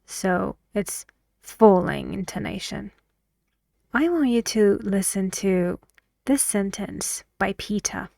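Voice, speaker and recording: A woman teaching English pronunciation, speaking slowly and carefully and swinging her pitch up and down to model intonation. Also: vocal fry, a little mellow, dry recording, clean studio sound. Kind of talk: pronunciation lesson.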